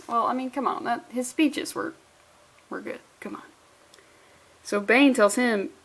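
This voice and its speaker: A woman casually reviewing a comic book, excitable and rambling, with swearing and jokey asides. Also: fairly high pitch, normal speed.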